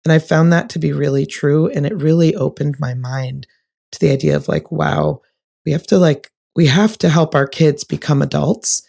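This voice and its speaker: Gravelly-voiced woman co-host, chatty. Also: sits low, moderate pace, mellow. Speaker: podcast co-host. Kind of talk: casual conversation.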